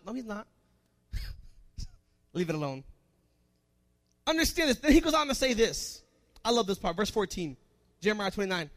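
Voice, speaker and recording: A man preaching a sermon in a very high voice. He asks the congregation questions and drops to soft asides before rising to loud, emphatic lines. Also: sing-song, moderate pace, pauses often. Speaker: pastor.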